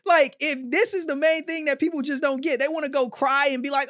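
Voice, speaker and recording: A man's voice: very high-pitched, a little fast, hardly any pauses, a bit bright, no echo, clean studio sound. A male host giving blunt, mocking, slangy reaction commentary.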